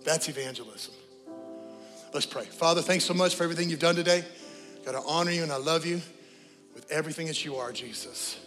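A man preaching a sermon as pastor, telling lively stories and then leading a quiet prayer and altar call in a church. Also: a little high, brisk, long pauses, in a large hall, faint music behind. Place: church sanctuary.

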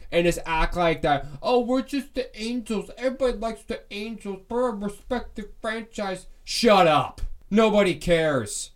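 A man hosting a solo sports podcast, ranting in a heated, fan-biased way, loose and rambling with many restarts. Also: a little high.

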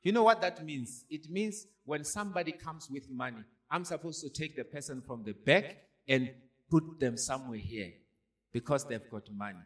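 A man's voice: fairly high pitch, expressive, moderate pace, a bit bright. Man preaching with rhetorical questions. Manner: call-and-response preaching, repeated rhetorical questions. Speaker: pastor. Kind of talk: sermon.

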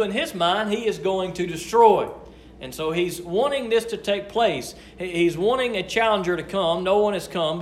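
A man leading a Bible study, reading verses and explaining them in a conversational, expressive way. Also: high voice. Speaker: Bible teacher. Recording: echoey room, faint noise.

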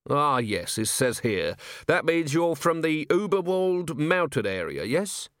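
A man voicing a weary, blunt watch commander with a dry, deadpan manner, in an audiobook reading. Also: a little high, a little slow, smooth, no echo, pitched above the performer's own voice. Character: weary gruff middle-aged male city watch commander. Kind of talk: audiobook character voice.

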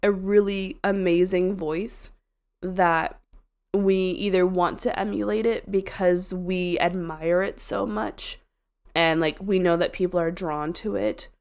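Animated young woman, loud bursts. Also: fairly low pitch, takes it slowly. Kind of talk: casual chat.

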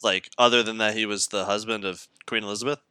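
A young man from Canada co-hosting a podcast, chatting casually, swearing freely and laughing loudly. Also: fairly low pitch, steady tone, fast, clear, resonant tone, dry recording, clean studio sound. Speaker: podcast co-host. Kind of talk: casual chat.

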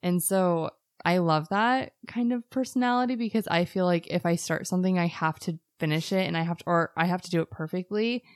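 A woman's voice: lowish voice, a little fast, few pauses, dry recording. Woman, podcast co-host, casual chat, laughs often, dry close mic. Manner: relaxed, filler-heavy, laughs often.

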